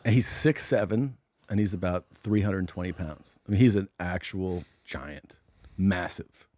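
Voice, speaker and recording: Excitable, laughing man from Minnesota. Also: a little slow, dry recording. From Minnesota, USA. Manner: excitable, laughs often, jumps high in pitch when amused. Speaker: podcast co-host. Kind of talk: casual comedic storytelling.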